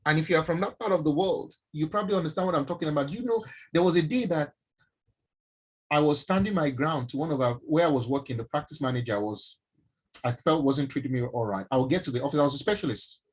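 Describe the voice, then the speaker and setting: Husky Nigerian man, animated talk. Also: a little high, fast, poor audio. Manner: animated storyteller, asks the listeners questions. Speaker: mentor speaking to young people. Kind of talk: motivational talk on a live stream.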